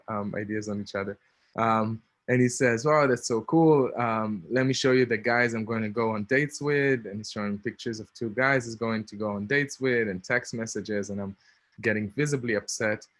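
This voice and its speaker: A man in his thirties with an Israeli accent tells a personal story in a chatty way, full of ums and small laughs. His voice sits on the low side. The recording is dry and close, with no room sound. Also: a bit bright, no room sound. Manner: chatty, many ums, laughs between lines. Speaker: speaker.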